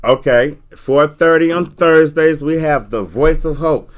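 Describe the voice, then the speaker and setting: A man in his forties hosting a talk radio show, telling rambling, animated stories and laughing often. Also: on the high side, a little slow. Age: 40s. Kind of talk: casual talk radio chat.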